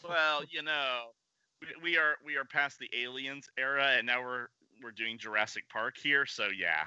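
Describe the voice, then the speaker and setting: A man's voice: medium pitch, normal speed, sharp tone, smooth, dry recording, dull audio. A man co-hosting a podcast, chatting casually with joking asides. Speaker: podcast co-host. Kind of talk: casual chat.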